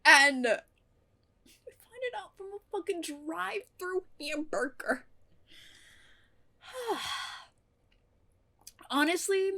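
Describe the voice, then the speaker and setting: A young adult woman recapping and reviewing a TV episode in casual chat, talking in an animated way, swearing often and breaking into laughter. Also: sits high. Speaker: TV reaction YouTuber.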